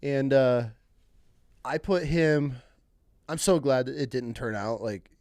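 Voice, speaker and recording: A young man, a hunting guide, telling stories in casual podcast chat, acting out clients in higher voices and laughing as he goes. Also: slow pace, no echo. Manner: animated, acts out clients in higher voices, laughs mid-story.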